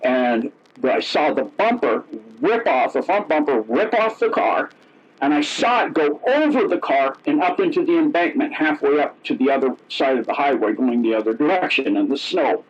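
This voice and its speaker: As an interview guest, a middle-aged man spins casual stories in a fairly high voice with lively intonation at a moderate pace. He rambles, self-corrects, and voices quoted dialogue, though the lo-fi recording sounds dull.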